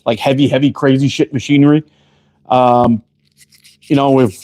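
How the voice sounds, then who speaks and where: A slightly high-voiced man hosts a relaxed livestream from close to the camera. He talks in a loose, easygoing way, peppers his speech with profanity, and calls out viewers by name as he works. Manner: laid-back, profane, greets viewers by name. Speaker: livestream host and slingshot maker. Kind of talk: casual livestream chat while woodworking. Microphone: camera close up, leaning in to read chat.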